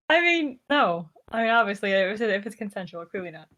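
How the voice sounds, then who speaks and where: A woman co-hosting a podcast in a loose, casual chat. She is animated and giggly, often acting out quoted exchanges in playful voices. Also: mid-range voice, moderate pace. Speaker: podcast co-host. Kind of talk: casual chat reviewing a show.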